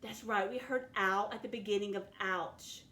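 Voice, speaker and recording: A woman's voice: medium pitch, fairly even intonation, normal speed, sharp tone. A woman teaching a phonics lesson to children, patiently sounding out words letter by letter.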